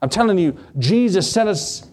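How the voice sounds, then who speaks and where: Preaching middle-aged man, higher voice. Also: animated, normal speed, darkish tone. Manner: preaching with big swings in pitch and pace, acting out Bible scenes. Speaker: pastor. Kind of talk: sermon.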